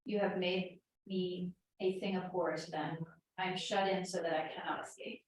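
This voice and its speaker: Female class member reading scripture, flat steady delivery, distant from the mic in a very echoey room. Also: fairly low pitch, moderate pace. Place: church classroom.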